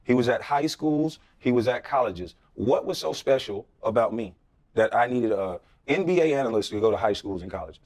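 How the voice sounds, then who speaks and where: Gravelly middle-aged guy, blunt and combative, keeps throwing rhetorical questions. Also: mid-range voice, lively intonation, normal speed, darkish tone. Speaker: interview guest, former pro athlete. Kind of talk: impassioned podcast interview.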